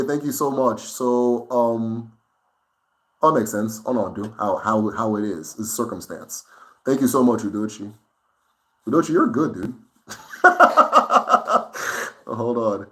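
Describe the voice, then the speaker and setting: A man hosting a casual livestream Q&A, speaking conversationally and often checking in with "right?". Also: mid-range voice. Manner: relaxed and unhurried, with fillers and restarts while thinking. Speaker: host answering viewer questions.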